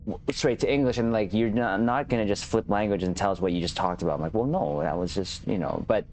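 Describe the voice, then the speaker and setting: Low-voiced male livestream host. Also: quick pace, darkish tone, soft background music. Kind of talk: casual chat on a livestream.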